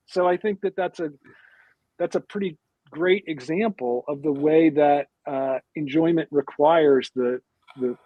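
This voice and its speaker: A man with a slightly raised voice talks through ideas as a podcast guest, pausing and repeating words as he goes. The sound is dry and close, with no room around it. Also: a little high, a little mellow, dry recording, poor audio. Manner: thoughtful, many restarts and repeated words. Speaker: philosopher and author guest. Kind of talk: casual podcast conversation.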